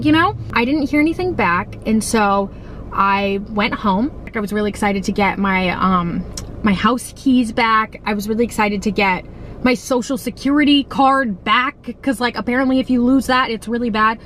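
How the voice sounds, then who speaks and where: A woman's voice: a little high, normal speed, fairly bright tone, slight background noise, rough recording. A young woman in her twenties chatting casually in a parked car, telling a story, swearing freely and acting out the quotes. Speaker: vlogger.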